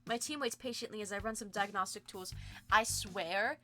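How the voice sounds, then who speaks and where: A young woman streamer reading a game's story aloud, bubbly and excitable with gushing asides. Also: medium pitch, moderate pace, faint music behind. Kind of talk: reading a visual novel aloud with commentary.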